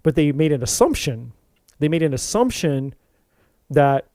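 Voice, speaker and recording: A man hosting a spiritual talk to camera, telling an animated story, swearing freely, and often restarting his sentences. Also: a little high, a little slow, dry recording. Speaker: tarot reader and spiritual channel host.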